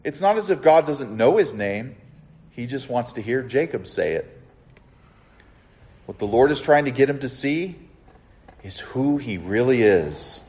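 A man preaching a sermon as pastor, speaking earnestly and dropping to a soft hush before lifting his voice to stress a point, often asking his listeners direct questions. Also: medium pitch, animated, unhurried, long pauses. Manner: earnest, drops to a soft hush then rises with emphasis.

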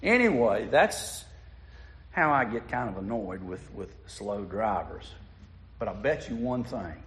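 A man's voice: lowish voice, expressive, a little slow, a bit bright. A man preaching a sermon, telling stories in a folksy way and putting asides to the congregation. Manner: folksy storytelling with audience asides.

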